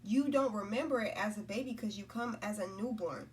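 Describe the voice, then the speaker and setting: Brisk and slightly mellow, a woman's mid-range voice carries a casual spiritual talk that rambles and repeats, often checking in with "right?" and "you know?". She's a spiritual content creator, recorded on a distant mic.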